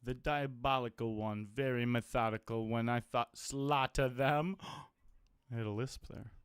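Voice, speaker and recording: A man streaming online poker, chatting casually about his hands and results, blunt, self-mocking and quick to swear. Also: mid-range voice, flat delivery, smooth, dry recording, studio quality. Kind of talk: casual live-stream commentary.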